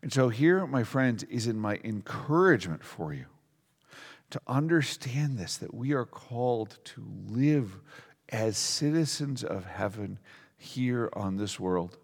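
A man preaching a sermon as a pastor, talking in a lively, conversational way and asking the congregation questions. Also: medium pitch, a little slow. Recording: long reverb of a large hall.

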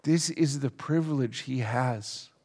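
A man preaching a sermon as a pastor, talking in a lively, conversational way and asking the congregation questions. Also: mid-range voice, measured pace, slightly rough. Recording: long reverb of a large hall.

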